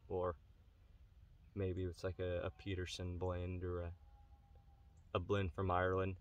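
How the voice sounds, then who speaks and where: A man hosting his own pipe-smoking channel, talking earnestly and haltingly to his viewers in a casual vlog. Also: deep voice, monotone. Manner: earnest, halting, many pauses. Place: outdoors on a rural property. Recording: distant mic, faint outdoor noise.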